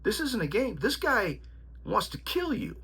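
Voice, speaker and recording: A man playing his old boxing trainer, a gruff veteran coach who shouts insistent warnings at a young fighter. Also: sits high, very animated, a little slow, voice pushed up, heavily acted. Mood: fierce. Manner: shouting, insistent, repeats himself.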